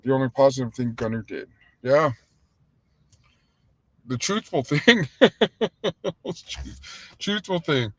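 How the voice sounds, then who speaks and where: A man's voice: medium pitch, lively intonation, unhurried, pauses often, lo-fi sound, a little hiss or hum. A man hosting a casual livestream, talking in a loose, rambling and heated way, full of fillers. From United States. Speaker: livestream host and restaurant owner.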